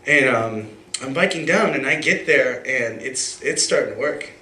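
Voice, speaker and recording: A man's voice: mid-range voice, lively intonation, moderate pace, sharp tone, a little hiss or hum. A young man telling a personal story live on stage at a story slam, casual and rambling, full of fillers and restarts. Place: live event venue with audience. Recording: echoey room with faint ambience.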